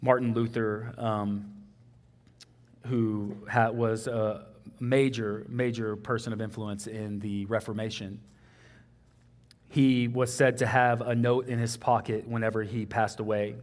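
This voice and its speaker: A man's voice: on the low side, flat delivery, a little slow. A young man with a Texan accent preaching a sermon in an earnest, conversational way, often saying "man" and "like".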